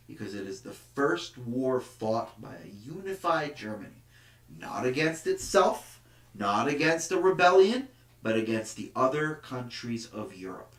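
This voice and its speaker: Man, history teacher, unhurried and emphatic lecture, echoey room. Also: mid-range voice, very animated, a bit bright. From United States. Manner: emphatic, slips into the voice of a rousing nationalist orator. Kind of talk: classroom lecture. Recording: echoey room, mic at a distance.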